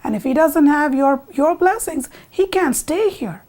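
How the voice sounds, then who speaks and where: A woman's voice: sits high, animated, a little slow, darkish tone, pitched above the performer's own voice. A woman voicing a sly scheming jackal. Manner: wheedling, persuasive.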